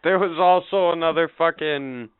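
Smooth-voiced man joking crudely. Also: a little high, normal speed, no room sound. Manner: profane and joking. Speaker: podcast co-host. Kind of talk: crude comedic chat. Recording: dry, phone-like lo-fi sound.

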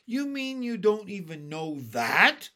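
A man's voice: a little high, expressive, moderate pace, vocal fry. A man voicing a rude, teasing centipede in a storybook reading. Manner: scornful, teasing. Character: rude grinning male centipede, scornful.

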